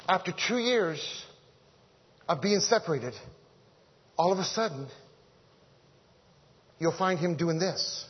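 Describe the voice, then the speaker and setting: Male preacher, husky, playful; sermon recorded in a reverberant sanctuary. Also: high voice. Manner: animated, joking, repeats phrases, calls out to the men. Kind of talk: conversational sermon. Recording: echoey hall, dull lo-fi sound.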